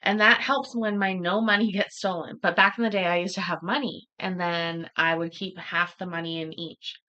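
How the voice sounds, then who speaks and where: A woman's voice: on the low side, steady tone, moderate pace, bright, forceful tone, highs cut off. A woman hosting a casual livestream chat, telling stories with heavy swearing and acting out what other people said. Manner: profane, storytelling, acts out quoted voices. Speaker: livestream host.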